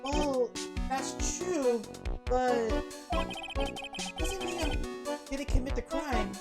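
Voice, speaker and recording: A woman's voice: sits high, slow pace, voice pushed up. A wry young defense lawyer answers with dry sarcasm, read by a woman in her own voice. Game music plays steadily underneath.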